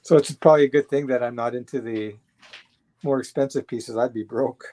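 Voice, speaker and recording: A man's voice: medium pitch, fairly even intonation, a little fast, mellow. A man chatting as a guest on a livestream, blunt and rambling, swearing freely. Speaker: guest watch collector. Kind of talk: casual livestream chat.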